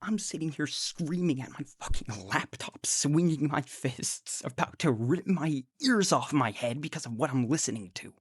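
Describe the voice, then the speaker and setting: A man's voice: fairly high pitch, lively intonation, moderate pace, hardly any pauses, slightly rough, no echo, studio quality. A man giving angry reaction commentary on a debate clip, ranting and swearing, with mocking impressions of the debaters. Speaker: commentary YouTuber.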